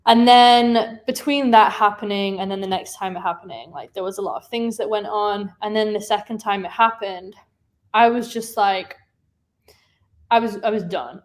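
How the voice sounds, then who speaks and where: A woman's voice: mid-range voice, moderate pace. A woman in her twenties with a British accent, a chatty guest who laughs easily and says "like" a lot. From United Kingdom. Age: 20s. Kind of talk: casual interview chat.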